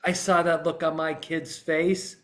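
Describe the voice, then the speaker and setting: A man's voice: a little high, little pitch movement, unhurried, fairly bright tone. A middle-aged man, a trial consultant, telling a story in podcast talk and acting out how he would address jurors. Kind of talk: podcast talk acting out a voir dire example.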